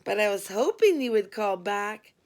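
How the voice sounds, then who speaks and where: A woman's voice: mid-range voice, animated, moderate pace, a little mellow, natural voice. A woman doing a crude, pushy male caller. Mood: lewd. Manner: leering, pushy.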